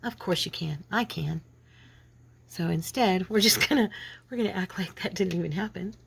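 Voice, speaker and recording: A woman's voice: lowish voice, normal speed, gravelly, husky. A woman with a lingering head cold, chatting casually and rambling as she works on a craft project. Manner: chatty, rambling, self-deprecating. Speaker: craft channel host.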